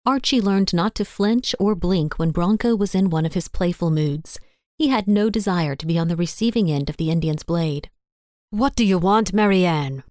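A woman narrating a story in a steady, even audiobook style. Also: fairly low pitch, normal speed, no echo, studio quality.

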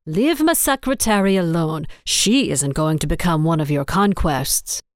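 A woman's voice: low-pitched, animated, measured pace, no echo, clean studio sound. A woman reading the part of an impatient male agency boss who snaps and grumbles. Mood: irritated. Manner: snapping, grumbling.

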